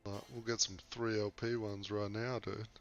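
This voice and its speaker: A man's voice: lowish voice, flat delivery, moderate pace, muffled recording, faint music behind. A young Australian man with an Australian accent chatting casually while streaming a game, loose and laid-back, swearing now and then. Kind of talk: casual livestream gaming commentary.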